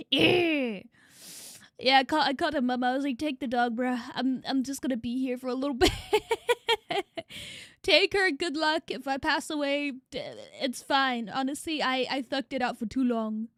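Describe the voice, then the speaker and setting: A woman's voice: high-pitched, moderate pace, a bit bright, no room sound, clean studio sound. A young adult woman streaming live, chatting casually and crudely and greeting her chat by name. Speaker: vtuber streamer.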